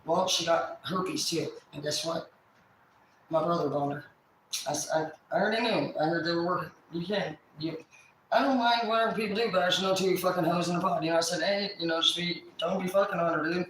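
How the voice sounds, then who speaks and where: A woman in her forties venting on a livestream in rambling, profane, halting speech. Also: on the low side, heavy reverb, slight background noise, rough recording.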